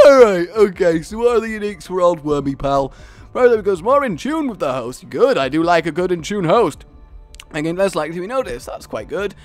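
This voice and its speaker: A man hosting a gaming channel, giving excitable, rambling gameplay commentary full of giggles. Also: high-pitched, fairly quick, soft background music.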